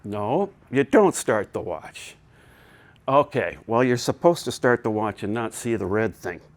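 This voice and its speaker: A man's voice: fairly low pitch, expressive, measured pace. A man presenting a technical talk to a live conference audience, chatty and digressive, with joking asides. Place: conference hall.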